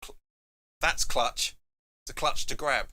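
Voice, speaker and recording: A man's voice: medium pitch, measured pace, bright, forceful tone. A man hosting a live football watch-along, chatting casually and reading viewer comments aloud between reactions to the match. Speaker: fan channel host.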